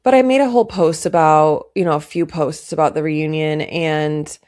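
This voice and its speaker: A woman's voice: sits low, moderate pace, darkish tone. A young woman giving casual, indignant commentary to camera, stressing her points by repeating them. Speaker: pop culture commentator.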